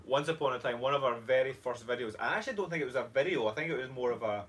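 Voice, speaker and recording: A man's voice: mid-range voice, rapid-fire, fairly bright tone. Easygoing Scottish man explaining. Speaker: co-host, fitness coach. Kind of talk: casual chat. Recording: distant mic, faint room noise.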